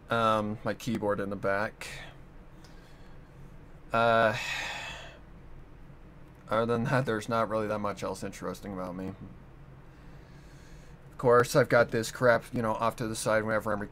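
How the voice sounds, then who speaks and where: A man's voice: lowish voice, fairly bright tone, slight background noise. A man chatting casually on camera in his room at home, rambling and correcting himself with frequent chuckles. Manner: meandering, self-correcting, chuckling often. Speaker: fan audiobook reader and voice actor. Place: home room with guitars and a keyboard.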